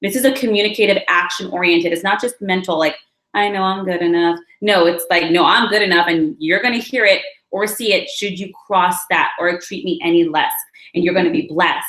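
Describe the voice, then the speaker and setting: A woman giving a weekly tarot and astrology reading, chatty and reassuring, talking straight to her viewers. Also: on the low side. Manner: animated with quick asides and many fillers. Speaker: tarot reader. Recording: echoey room.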